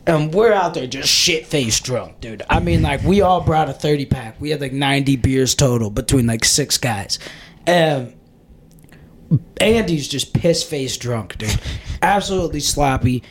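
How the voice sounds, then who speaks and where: A podcast host in his twenties tells rowdy stories in an unhurried, medium-pitched voice. The chat is casual and excitable; he swears freely and laughs as he goes.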